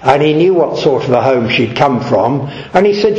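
A male preacher telling a story in a sermon, animated and full of quoted dialogue. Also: mid-range voice, normal speed, echoey room, highs cut off.

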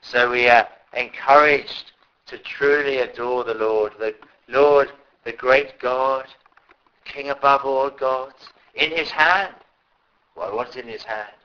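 A man preaching a sermon in an earnest way, rising to loud pleading calls at times. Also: mid-range voice, slow, muffled recording.

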